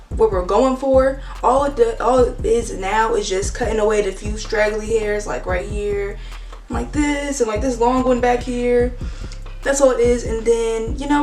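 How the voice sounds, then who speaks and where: A woman's voice: a little high, distant mic. A young woman chatting casually as she cuts a wig in a beauty vlog, full of slang and fillers like "like". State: out of breath. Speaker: beauty vlogger. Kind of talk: casual hair tutorial chat. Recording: roomy echo, mic set back, faint music.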